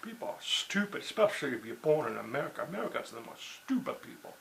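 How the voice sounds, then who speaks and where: A man's voice: mid-range voice, very animated, quick pace, vocal fry, fairly bright tone, a little hiss or hum, low-quality recording. A man talking in a rambling, digressive monologue, full of "you know" and "see" and restarts. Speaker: writer and blogger.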